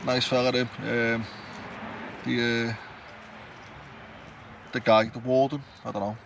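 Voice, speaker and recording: A man's voice: medium pitch, level tone, slow pace, creaky. A man vlogging at a campsite, chatty and rambling, poking fun at himself. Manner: rambling, chatty, self-mocking. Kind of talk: casual chat to camera. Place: campsite outdoors. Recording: outdoor noise, passing traffic.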